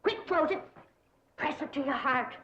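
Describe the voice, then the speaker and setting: A feisty old country granny with a twang, bossing folks around while she works her charms. Her voice sits high. The sound is a muffled old sitcom soundtrack with clear hiss under it. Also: expressive, a little slow, bright, forceful tone, heavily acted. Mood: bossy. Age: older. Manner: bossy, folksy instructions. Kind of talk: 1960s sitcom acting. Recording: dull, hissy 1960s TV soundtrack.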